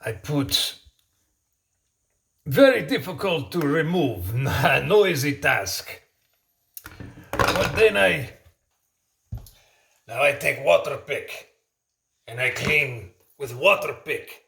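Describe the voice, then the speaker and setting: A man demonstrating a home repair in casual, halting broken English, restarting and repeating himself often. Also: a little high, lively intonation, creaky, fairly bright tone.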